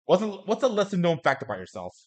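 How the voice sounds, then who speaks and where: A man's voice: sits high, wildly swooping pitch, fast talker, darkish tone. Hesitant man hosting a talk stream. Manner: hesitant, many fillers and restarts. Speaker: host. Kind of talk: casual chat.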